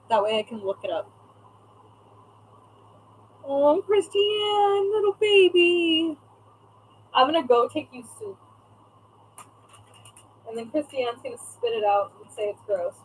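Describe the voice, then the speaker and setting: Young woman, higher voice, loose live-stream chatter with viewers, casual swearing, faint room hum. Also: poor audio. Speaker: craft shop owner streaming live.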